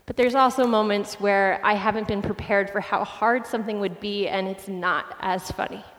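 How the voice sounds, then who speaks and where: A woman pastor in her late twenties, preaching a sermon with animated, self-deprecating personal stories. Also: medium pitch, moderate pace, big-room sound.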